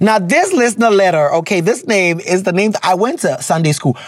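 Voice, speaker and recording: Lively man hosting an advice show. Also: high voice, a little fast, loud music behind the voice. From Ghana. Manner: animated and joking, laughs often, drifts into Twi. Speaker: podcast host reading listener letters. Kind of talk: casual advice chat.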